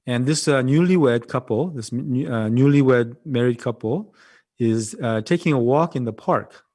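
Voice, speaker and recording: A man with a Korean accent, a Buddhist monk giving a dharma talk over a video call, gentle and halting, often repeating his phrases. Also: mid-range voice.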